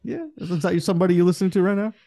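A man hosting a podcast in casual chat, rambling through profane shout-outs. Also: high voice, fairly even intonation, rapid-fire, no echo. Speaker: podcast host.

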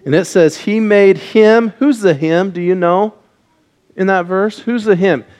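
This man's voice is high-pitched and slightly mellow, at a normal speed. He leads the children's message during a church service, with a mic on, quizzing the kids and running call-and-response before the congregation in the sanctuary.

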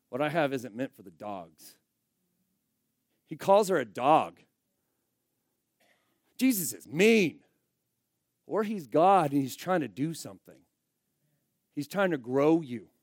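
A man, a pastor, preaching a sermon in a conversational, emphatic way, swinging between loud bursts and quiet asides. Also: mid-range voice, no echo, clean studio sound.

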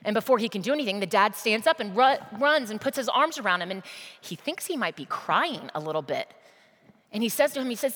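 Woman preacher, sermon, emphatic storytelling, mid pitch, long hall reverb. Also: lively intonation, a little fast, a bit bright. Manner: storytelling, emphatic, direct address.

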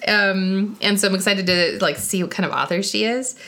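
A woman's voice: mid-range voice, moderate pace, fairly bright tone. A woman co-hosting a podcast in casual chat, chatty and giggly with many fillers. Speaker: podcast co-host.

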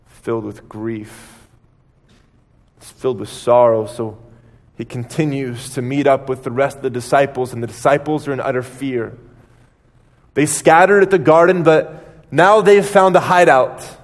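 Male pastor preaching slow and dramatic, lots of pauses, long echo in the hall. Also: medium pitch, steady tone. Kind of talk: sermon storytelling.

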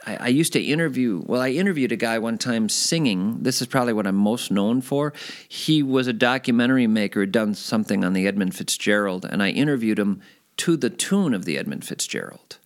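Man, slightly low voice, former radio host, rambling animated anecdotes. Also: fairly quick. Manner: animated, rambling, self-deprecating. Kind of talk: casual interview storytelling.

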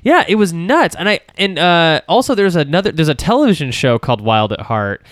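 A man on a casual film podcast, talking in an animated, rambling way with plenty of fillers and restarts. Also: a little high, a little fast, no echo, studio quality. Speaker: podcast co-host.

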